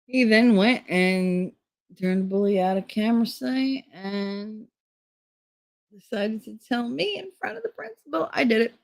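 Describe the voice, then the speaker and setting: A woman's voice: on the high side, lively intonation, a little slow, vocal fry, no echo. A middle-aged woman from Hoboken, telling stories in blunt, profane casual chat on her channel. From Hoboken, New Jersey. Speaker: channel host.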